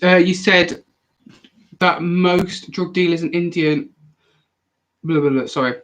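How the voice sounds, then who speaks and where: Young guy in his twenties, slightly high voice, casual live-stream chat, animated, rambling, restarts sentences often. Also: slow, rough recording. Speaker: streamer answering viewer questions.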